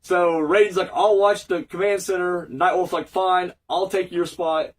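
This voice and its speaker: A man's voice: high-pitched, flat delivery, measured pace, recorded from a distance. A man with a cold giving a casual, rambling, sweary recap review of an episode, full of fillers. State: fighting a cold.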